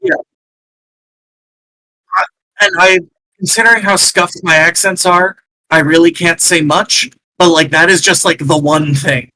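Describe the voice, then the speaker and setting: A man's voice: high voice, measured pace, pauses often, sharp tone, no echo, poor audio. A man playing in a tabletop game, chatting casually in a rambling way full of fillers. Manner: rambling, many fillers like "like" and "sort of". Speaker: player. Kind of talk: casual chat.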